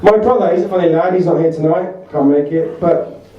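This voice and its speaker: A man's voice: a little high, brisk, lo-fi sound. A man tells funny stories at a party, chatting through them and laughing at his own punchlines. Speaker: party speaker telling anecdotes. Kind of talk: storytelling speech. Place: party hall. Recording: echoey room recorded from far off.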